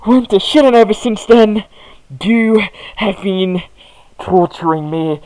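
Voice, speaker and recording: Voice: medium pitch, measured pace, dry recording, rough recording. A wrestler cutting a heated promo, bitterly accusing a rival of ruining everything. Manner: bitter, accusing, building to a shout.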